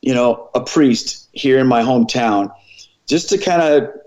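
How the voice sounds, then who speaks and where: Middle-aged man, former pastor, lively storyteller who plays out dialogue; ordinary pitch, slightly muffled sound. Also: measured pace. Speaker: former pastor, podcast guest. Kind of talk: personal storytelling in a conversation.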